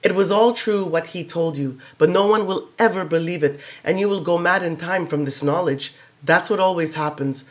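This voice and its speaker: A man reading aloud, voicing an ancient male vampire in a young boy's form who speaks slowly, gently and with contempt. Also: a little high, muffled recording, close to an everyday voice. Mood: coolly curious.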